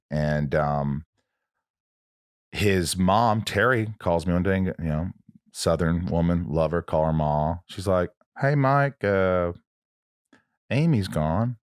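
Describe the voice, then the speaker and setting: A man's voice: low-pitched, slow, smooth, dry recording, clean studio sound. A man hosting a podcast in casual conversation, blunt and emotional, swearing freely. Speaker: podcast host.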